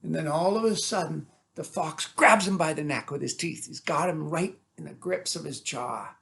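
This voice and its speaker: A man telling folk tales aloud, animated and dramatic, building up and dropping his volume. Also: fairly high pitch, moderate pace, vocal fry. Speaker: storyteller. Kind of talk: oral folk-tale storytelling.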